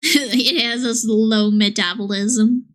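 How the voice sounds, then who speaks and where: A woman's voice: on the high side, steady tone, slow. A woman streamer chatting casually and playfully with her viewers, reading their messages aloud. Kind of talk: casual live-stream chat.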